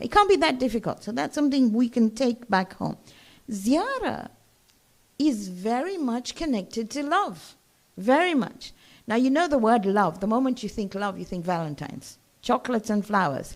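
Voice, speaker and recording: Woman lecturer, slightly high voice, conversational, explains to her audience and asks them to follow along. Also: sing-song, normal speed. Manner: conversational, checks in with listeners. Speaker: religious lecturer. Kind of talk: religious lecture to a gathering.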